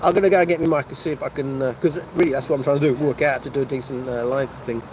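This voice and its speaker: A man's voice: medium pitch, steady tone, racing, darkish tone, a little hiss or hum, low-quality recording. An older man, chatting casually and meandering on a phone livestream from a motorway service station café. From North London. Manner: chatty, meandering, restarts mid-sentence. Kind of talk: rambling casual livestream chat.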